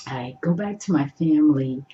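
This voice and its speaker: A middle-aged woman vlogger telling a personal story in an animated way, acting out her own thoughts and swinging from hushed asides to high exclamations. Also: moderate pace, a little hiss or hum. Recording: echoey room, dull lo-fi sound.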